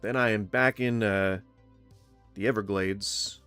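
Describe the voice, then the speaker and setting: A man from Florida hosting a casual livestream, rambling with fillers and restarts, blunt and quick to swear. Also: fairly low pitch, steady tone, a bit bright, clean tone. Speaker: livestream host. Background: faint music.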